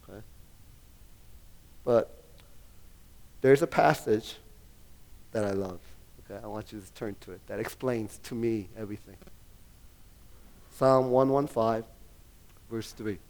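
A man's voice: medium pitch, darkish tone. A middle-aged male pastor preaching a sermon, rambling with many fillers and restarts and laughing often as he talks.

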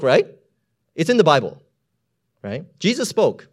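A man's voice: a little high, wildly swooping pitch, unhurried, pauses often. Guy preaching, tells stories, says like and you know a lot, voice bounces around a ton. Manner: chatty, heavy on filler words; swings from hushed to shouting. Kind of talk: storytelling sermon.

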